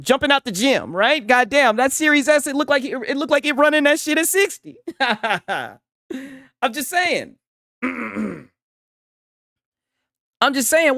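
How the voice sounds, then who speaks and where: A man's voice: very high-pitched, bright, forceful tone, no room sound, studio quality. A man doing casual gaming reaction commentary, profane and mocking, who keeps asking "right?".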